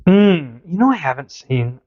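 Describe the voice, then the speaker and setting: A man's voice: on the high side, very animated, unhurried, dull audio. A man hosting a podcast, telling a story in a casual, teasing way. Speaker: podcast host.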